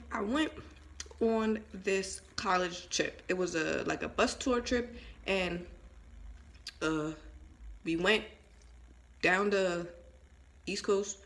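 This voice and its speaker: A woman's voice: fairly low pitch, a bit bright. A young woman vlogging at home, chatting casually and rambling, with lots of filler words and emphatic asides. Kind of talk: casual storytime chat.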